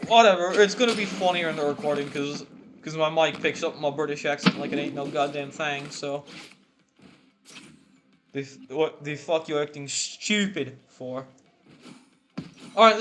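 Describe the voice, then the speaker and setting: Man, gameplay commentary, cursing, joking, fairly high pitch, noisy home recording. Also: lively intonation, a little fast. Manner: swearing, joking, exasperated outbursts. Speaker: gaming YouTuber.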